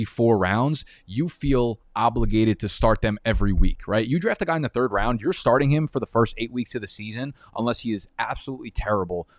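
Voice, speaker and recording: A man's voice: mid-range voice, dry recording, studio quality. A man hosting a live fantasy football draft stream, talking in a profane, heated, rambling way.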